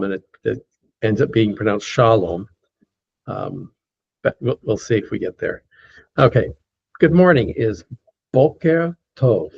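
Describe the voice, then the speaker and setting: A man teaching a class, patiently saying words slowly and repeating them, with many fillers, over an online call. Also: fairly low pitch, creaky, breathy edge. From United States. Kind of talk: lecture teaching pronunciation. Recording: dull lo-fi call audio.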